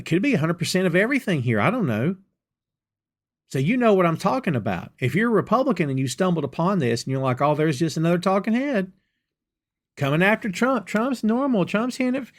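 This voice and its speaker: A middle-aged man from the United States hosting a solo podcast, talking straight to his listeners in a folksy, exasperated way. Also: on the high side. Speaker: podcast host. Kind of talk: solo political commentary podcast.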